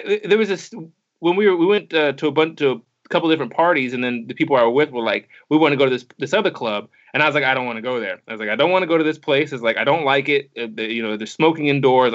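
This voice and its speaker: A man co-hosting a podcast, chatting casually and tripping over his words as he rambles on. His voice sits at an ordinary middle pitch. The audio comes through slightly muffled. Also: fairly bright tone. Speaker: podcast co-host.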